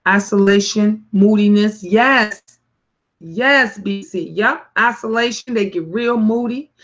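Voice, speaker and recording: A woman hosting a talk stream and reading viewers' comments, speaking emphatically and bluntly with sudden loud rises and some swearing. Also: medium pitch, takes it slowly, muffled recording.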